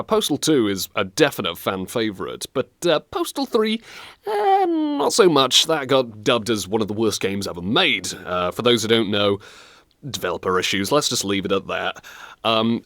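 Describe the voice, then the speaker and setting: A man's voice: mid-range voice, huge pitch swings, normal speed, fairly bright tone, no room sound, studio quality. A man hosting a radio interview, asking friendly, chatty questions. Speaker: radio show host.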